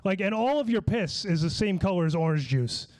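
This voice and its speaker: A man's voice: high-pitched, lively intonation, brisk, a little mellow. Slightly slurring man doing rambling stand-up. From Long Island, New York. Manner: loose, rambling delivery with many restarts and swearing. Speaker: stand-up comedian. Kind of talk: stand-up comedy set.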